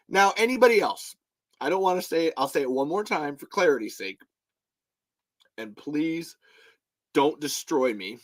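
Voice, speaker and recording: A man's voice: a little high, big pitch swings, moderate pace. An American man hosting a podcast in casual chat, rambling with restarts, swearing and laughing often. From United States. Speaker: podcast host.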